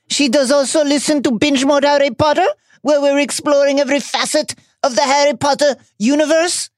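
A man's voice: extremely high pitch, moderate pace, no echo, clean studio sound. A man co-hosting a podcast in casual banter, joking and laughing often. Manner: jokey, animated, laughs often. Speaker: podcast co-host.

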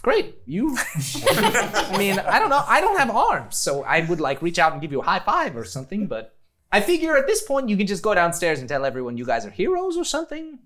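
A man's voice: high-pitched, wildly swooping pitch, brisk, fairly bright tone, full character voice. A game master voicing a sweet old woman who is a talking brain posing as Mrs. Claus, chirpy and rambling.

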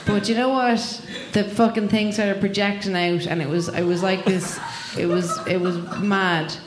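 A woman's voice: medium pitch, fairly even intonation, moderate pace. Irish woman rambling thru a funny story, lots of swearing, echoey room with noise. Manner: rambling, laughing, swearing often. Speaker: comedian guest. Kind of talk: comic storytelling before a live audience. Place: live venue with audience. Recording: echoey room, noisy live recording.

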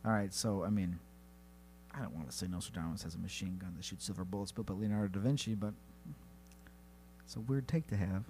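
A man co-hosting a comedy podcast, narrating a silly battle with lively delivery and sudden high-pitched character voices. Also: fairly quick, pauses often, a little hiss or hum. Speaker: podcast co-host. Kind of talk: comedic storytelling banter.

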